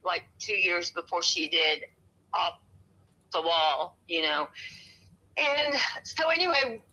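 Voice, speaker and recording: A woman in her fifties talks on a phone call in a very bright, sharp voice. She is cold and shivering, and she rambles, circling back and restarting her sentences. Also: mid-range voice. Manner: rambling, meandering, with many restarts and soft laughs. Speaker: home seller on a phone call.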